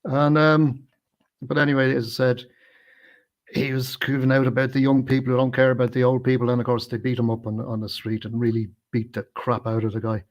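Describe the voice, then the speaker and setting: A man's voice: mid-range voice, level tone, fairly quick. A man co-hosting a casual film discussion, talking in a hesitant, explanatory way with many fillers and restarts. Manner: explanatory, unpacking invented slang. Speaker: film review co-host.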